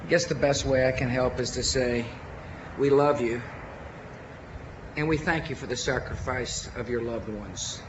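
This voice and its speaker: A man with a Texan accent giving a formal memorial speech as president, earnest and measured, with deliberate pauses. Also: mid-range voice, dull audio, noisy background.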